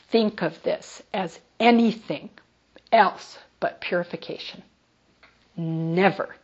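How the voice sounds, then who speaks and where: A woman leading a small meditation group, talking in a soft, breathy voice with a slightly dull recording. She speaks warmly and haltingly, restarting often as she shares her experience. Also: lowish voice. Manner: warm, halting, many restarts and fillers. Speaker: Buddhist group teacher. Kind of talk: informal dharma talk to a group. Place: meeting room with a group.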